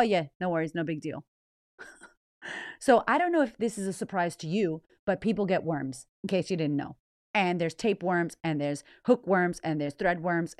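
A woman's voice: on the low side, dry recording, clean studio sound. A woman in her thirties hosting a podcast and telling a story in a raw, dramatic way, swearing freely. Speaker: podcast host. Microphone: podcast microphone.

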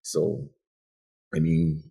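A man, a teacher, chatting casually on a talk show and telling personal stories, acting out what others said. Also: extremely slow. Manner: animated storyteller who acts out quoted voices. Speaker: podcast co-host and teacher. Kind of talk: casual chat, storytelling.

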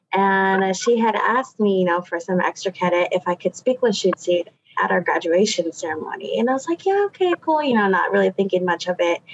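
A woman from the Pacific Northwest, a guest language teacher, talks in a relaxed conversational voice of middle pitch. She leans on fillers like "you know" and "um" as she tells her story. The audio is a little dull and lo-fi.

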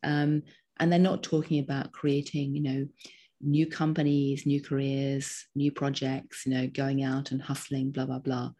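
Low husky woman in her fifties. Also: measured pace. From Britain. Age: 50s. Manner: animated, frequent ums, talks in short listed phrases. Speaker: guest. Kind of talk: conversational interview.

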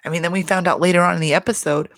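A woman's voice: lowish voice, steady tone, racing, no room sound, clean studio sound. A young woman hosting a casual reality TV recap, gossipy and profane, talking with lots of fillers and restarts. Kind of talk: casual chat.

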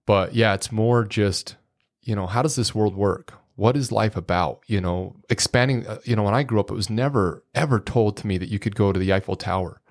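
A middle-aged man with a fairly low voice speaks briskly as a podcast guest. In casual storytelling mode, he tells rambling, folksy anecdotes packed with quoted dialogue.

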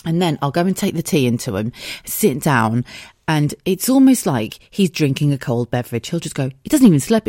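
A woman's voice: low-pitched, very animated, fairly quick, dark tone, no room sound, studio quality. An English woman in her thirties hosting a casual solo podcast, chatty and giggly, swearing freely. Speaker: podcast host.

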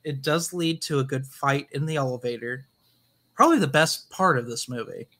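A man's voice: mid-range voice, expressive, moderate pace, bright, forceful tone. Male co-host, casual film chat, blunt dismissive quips, mid-range voice. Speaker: podcast co-host.

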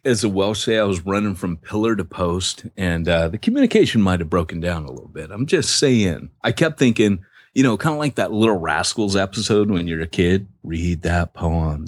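Low-voiced male podcast co-host, rambling joker, dry close mic. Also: no echo. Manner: joking, rambling storyteller. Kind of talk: casual banter.

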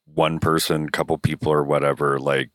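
A man co-hosting an interview, asking relaxed, hesitant questions. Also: a bass voice, normal speed, no room sound, studio quality.

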